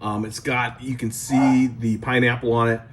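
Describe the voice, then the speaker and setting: A man's voice: medium pitch, little pitch movement, moderate pace, slight background noise. A man hosting his card collecting channel, chatting enthusiastically as he tastes and reviews jerky at home. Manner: enthusiastic, chatty, exclaiming while eating. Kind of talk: casual product review.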